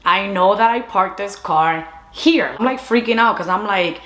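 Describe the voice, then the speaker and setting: A young adult woman telling a casual storytime monologue, animated and chatty, slipping between English and Spanish. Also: mid-range voice, normal speed. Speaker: storyteller vlogger. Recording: echoey room.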